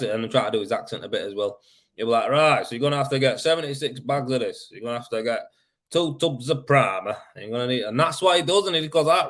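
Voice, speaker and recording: Chatty man, casual swearing. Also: mid-range voice. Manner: swearing, mate-heavy and chatty. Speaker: podcast host. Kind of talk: casual live-stream chat.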